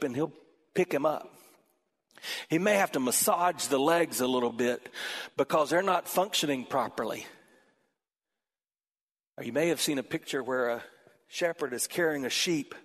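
A man preaching a sermon in a church auditorium, animated, swinging between loud emphasis and quiet passages. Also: a little high, husky. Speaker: pastor. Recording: long reverb from a large hall.

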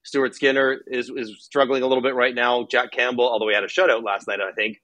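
A man's voice: mid-range voice, flat delivery, quick pace, sharp tone, dry recording. A man who used to play professionally, talking hockey candidly and casually on a podcast, thinking aloud with a few fillers. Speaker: hockey analyst, former player. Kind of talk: casual sports podcast chat.

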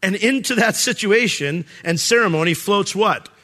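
High-pitched and lively, a middle-aged male pastor preaches while readily acting out voices. His delivery is peppered with fillers and restarts.

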